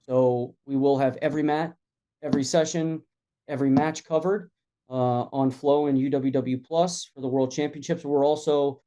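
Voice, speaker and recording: A man's voice: mid-range voice, fairly even intonation, normal speed, mellow. A man chatting casually as a podcast guest, telling easygoing travel stories. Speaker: guest from a wrestling federation.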